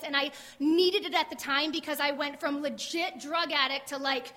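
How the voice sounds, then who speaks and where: High-pitched woman rambling through her church testimony, lots of "like", big hall echo. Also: moderate pace, few pauses, bright, forceful tone. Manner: chatty, candid, fillers like "like". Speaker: guest sharing testimony. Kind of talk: casual testimony on church stage. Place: church service. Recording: long hall reverb.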